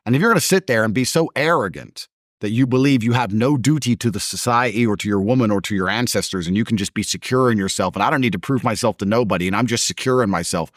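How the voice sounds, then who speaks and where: A man's voice: quick pace, no room sound, studio quality. A man in his thirties, an interview guest arguing emphatically in a heated conversation, with a mocking edge. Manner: emphatic, mocking, lively pitch swings.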